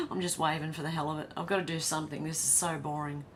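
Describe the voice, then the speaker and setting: A woman's voice: low voice, sing-song, fairly quick, fairly bright tone, slight background noise. Chatty Australian woman live-streaming. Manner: chatty, laughs often, blunt and swears. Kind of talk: casual live-stream chat reading comments.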